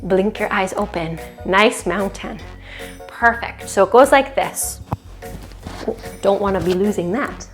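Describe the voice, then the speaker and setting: A young woman leads a children's yoga class, cheerful and encouraging, singing short chants between poses and making animal and siren sounds. Her mid-range voice moves a little slowly with long pauses, over soft background music.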